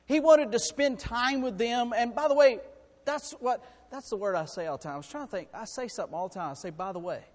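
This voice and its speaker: A man preaching a sermon in a folksy, emphatic way, swinging between loud and quiet. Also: extremely high pitch, expressive, brisk, long reverb tail.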